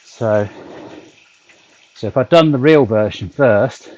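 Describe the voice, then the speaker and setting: A man's voice: medium pitch, slow pace, darkish tone, dull audio. Rambling British man chatting mid-ride. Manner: rambling, many ums, dry humour. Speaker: vlogger cycling on a turbo trainer. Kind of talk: casual chat to a livestream. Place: home, back garden.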